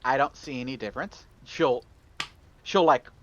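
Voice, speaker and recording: A man's voice: medium pitch, moderate pace, fairly bright tone, lo-fi sound, a little hiss or hum. A man playing in a tabletop game, chatting casually and describing his character's actions. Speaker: player.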